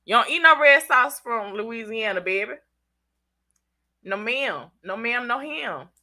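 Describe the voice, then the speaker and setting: Bright, chatty Southern woman. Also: on the high side, expressive, measured pace. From Southern United States. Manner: chatty, slangy, teasing viewers by name. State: congested. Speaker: channel host reading live chat. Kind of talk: casual live-stream chat.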